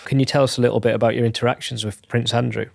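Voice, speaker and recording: A man's voice: medium pitch, flat delivery, rapid-fire, creaky, darkish tone, dry recording, clean studio sound. A man interviewing a guest, asking short prompting questions.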